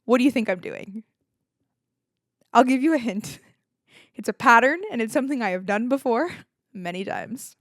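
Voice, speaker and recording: A woman's voice: fairly high pitch, lively intonation, normal speed, pauses often, no echo, clean studio sound. Chatty young woman, candid solo podcast. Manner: candid and chatty, with filler likes and swearing. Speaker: podcast host. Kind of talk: casual solo podcast monologue.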